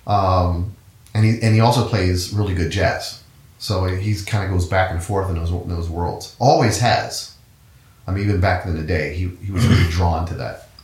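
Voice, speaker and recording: Low-voiced man telling rambling stories. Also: steady tone, normal speed, darkish tone, reverberant. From Cincinnati, USA. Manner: rambling storyteller with frequent restarts and fillers. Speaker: guest musician, trumpet player. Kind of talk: casual conversational interview.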